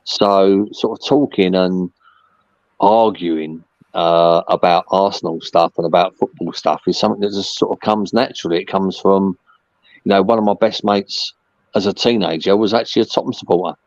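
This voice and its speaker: A man's voice: deep voice, steady tone, normal speed, darkish tone, dry recording, muffled recording. A man chatting casually as a podcast guest, rambling with plenty of fillers. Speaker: podcast guest, merchandise seller. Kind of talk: casual chat.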